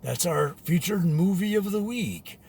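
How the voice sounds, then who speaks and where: A man voicing a masked late-night horror movie host who announces the feature in a low, slow, spooky voice. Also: expressive, darkish tone, slight background noise. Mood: ominous.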